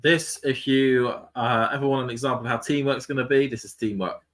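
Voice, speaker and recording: A man's voice: mid-range voice, steady tone, brisk, a bit bright. A British man co-hosting a casual tennis watchalong, chatting loosely with plenty of fillers. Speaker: podcast co-host. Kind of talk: casual live watchalong chat.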